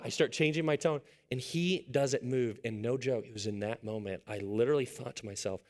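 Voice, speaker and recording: Storytelling pastor, hushed to excited. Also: male voice, fairly low pitch, moderate pace, few pauses. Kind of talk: sermon.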